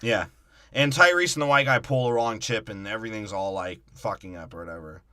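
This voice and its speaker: A man's voice: on the low side, fairly quick, bright, forceful tone, dry recording, clean studio sound. A man co-hosting a casual podcast, recapping a movie plot with swearing, laughs and mocking asides. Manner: profane, laughing, recaps plot with mock impressions. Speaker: podcast co-host. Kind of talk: casual movie breakdown chat.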